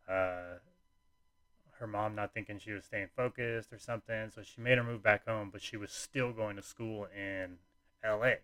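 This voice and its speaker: A man's voice: fairly low pitch, fairly bright tone, no echo. A young man casually telling a personal story, rambling with lots of fillers and restarts.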